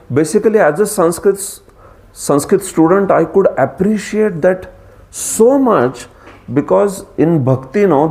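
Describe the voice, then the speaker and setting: A man with an Indian accent giving a scripture class lecture, lively, laughing often and putting questions to his students. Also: a little high. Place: class streamed live.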